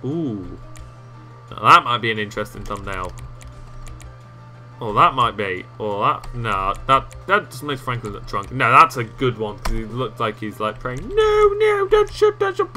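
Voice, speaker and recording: A man talks through a video editing tutorial in a loose, rambling way, joking at his own slips. His voice is very bright and forward. Faint music plays under him. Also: lowish voice, measured pace. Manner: rambling, chatty, self-mocking asides. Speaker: game tutorial host. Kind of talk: casual screen-recorded tutorial.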